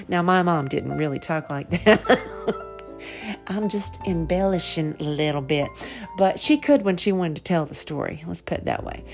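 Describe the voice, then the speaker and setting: A woman's voice: fairly low pitch, moderate pace, vocal fry, soft background music. A middle-aged woman, hosting a podcast and telling rambling stories with frequent laughs. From American South. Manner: chatty, rambling, laughs often. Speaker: podcast host. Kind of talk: casual storytelling monologue.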